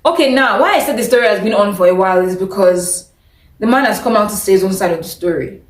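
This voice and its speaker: A woman's voice: mid-range voice, animated, fast, reverberant, poor audio. A woman vlogging her opinions in a chatty, opinionated way, often breaking into laughter. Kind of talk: casual opinion vlog.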